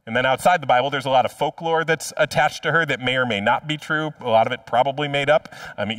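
A man's voice: mid-range voice, a bit bright, no room sound, studio quality. A male pastor preaching a sermon in a conversational, humorous storytelling manner, heard from a distant mic.

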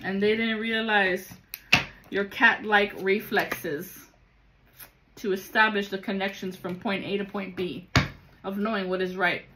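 A woman's voice: medium pitch, level tone, measured pace, very noisy. A woman giving a casual tarot reading to viewers, emphatic and blunt, swearing often and calling the listener baby. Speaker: tarot reader.

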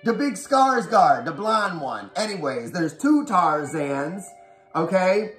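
A man rattles off a horror movie plot in a profane, animated rush. His fairly high voice swings up and down a lot, and it echoes around the room over faint music. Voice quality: profane, animated, rapid storytelling. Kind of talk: casual movie recap.

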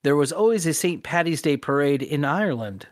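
A man's voice: a little high, expressive, brisk, dry recording, studio quality. A man co-hosting a podcast in casual chat, reading out fun facts and laughing often. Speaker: podcast co-host.

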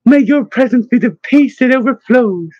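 A man reading an audiobook, voicing an elderly nun who speaks in a raised, delighted voice with a husky edge. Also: on the high side, expressive, moderate pace, dry recording, muffled recording, voice pushed up. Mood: joyful. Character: elderly nun, warm and overjoyed. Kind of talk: audiobook narration.

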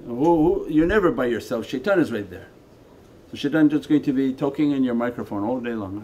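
A man gives a spiritual lecture as a Sufi teacher at a meditation center. His voice is mellow and unhurried in tone, conversational, with quiet asides set against emphatic lines. A faint hiss sits under the recording. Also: medium pitch, lively intonation.

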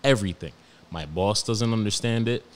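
A young man with a New York accent, hosting a podcast and telling stories about his toddler in a profane, animated, slangy way. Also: fairly low pitch, normal speed. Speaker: podcast host. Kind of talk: casual storytelling monologue.

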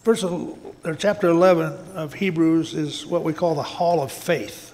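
Man, pastor, sermon, folksy and plain-spoken, high voice, long hall reverb. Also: moderate pace, a little mellow, a little hiss or hum. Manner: folksy, repeats words, says "man" often. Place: church sanctuary.

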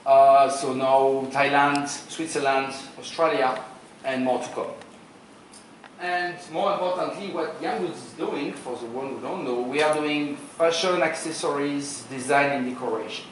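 A man's voice: mid-range voice, measured pace, distant mic, slight background noise. A man in his forties with a French accent, giving an informal, joking sales seminar talk in a hotel conference room. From France. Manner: informal, joking, quizzes the audience. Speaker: seminar speaker. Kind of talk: conference presentation. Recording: very echoey room, voice from afar.

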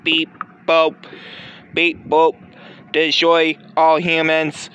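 Robot heavy for a fan toy drama: monotone beeping drone, slow and threatening, voiced by a man. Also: a little high, smooth, highs cut off, heavily acted. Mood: menacing. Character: robot copy of a wrestler, stiff and menacing.

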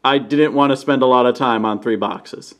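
A man casually reviewing toys on camera, playful, often breaking into goofy high-pitched exclamations. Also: moderate pace. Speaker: toy reviewer. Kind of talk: casual hands-on product review. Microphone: camera he sets up himself.

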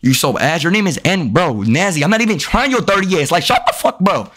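A man live-streaming a video game, cursing and trash-talking at his chat, with sudden yelled outbursts. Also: fairly high pitch, big pitch swings, a little fast. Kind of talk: casual live-stream commentary while gaming.

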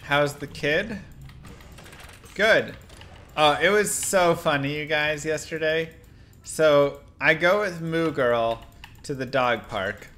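A man's voice: a little high, pushed and bright, a little hiss or hum. A man casually commenting on his gameplay during a live stream, chatty and rambling with frequent laughs. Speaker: game streamer.

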